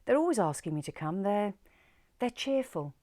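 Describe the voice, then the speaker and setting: A woman reading the lines of an anxious, hesitant married woman in a story, speaking haltingly. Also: medium pitch, big pitch swings, warm tone, pitched above the performer's own voice, natural voice. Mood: doubtful.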